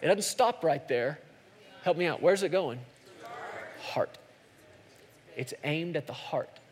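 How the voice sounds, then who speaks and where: Male pastor, sermon delivery, high-pitched, punchy repeated calls, reverberant church room. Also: lively intonation, slow pace. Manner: preaching with rising intensity and repeated calls.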